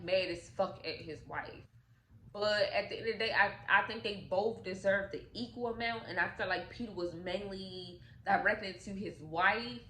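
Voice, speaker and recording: A woman telling a movie's story in a casual, animated, profane way, acting out the characters' lines. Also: mid-range voice. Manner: animated, profane, acts out quotes. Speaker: storytime vlogger. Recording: echoey room with faint noise.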